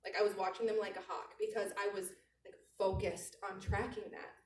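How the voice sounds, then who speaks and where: A woman in her thirties giving an animated motivational sales talk to a live audience, slowly repeating her key phrases. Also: mid-range voice. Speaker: sales trainer. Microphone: handheld mic held away from mouth. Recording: roomy, distant handheld mic.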